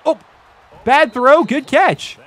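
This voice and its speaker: A man giving excited, chatty commentary over his own football video game, laughing and talking straight to his viewers. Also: extremely high pitch, takes it slowly. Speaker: gaming YouTuber.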